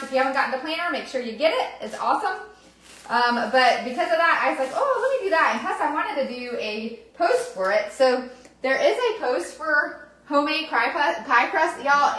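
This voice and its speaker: A woman's voice: a little high, fairly bright tone. A woman hosting a casual cooking livestream, chatty and upbeat, talking to viewers as y'all from her home kitchen. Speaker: cooking show host. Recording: echoey kitchen room.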